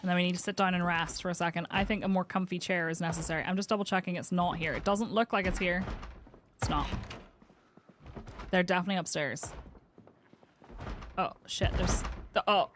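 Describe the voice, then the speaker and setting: A woman's voice: on the low side, fairly even intonation, a little fast, long pauses, noisy background. A woman chatting through gameplay commentary as a streamer, talking to her game character and swearing casually.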